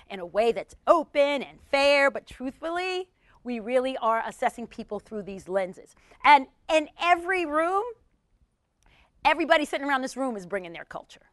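A middle-aged woman giving a talk to an audience, animated and punchy, telling stories and playing with the crowd. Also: high-pitched, no echo. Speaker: speaker addressing an audience. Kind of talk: conversational talk with storytelling.

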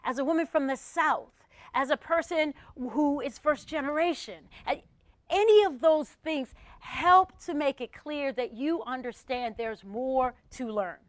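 A middle-aged woman giving a talk to an audience, animated and punchy, telling stories and playing with the crowd. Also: high-pitched, unhurried, no echo. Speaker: speaker addressing an audience. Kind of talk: conversational talk with storytelling.

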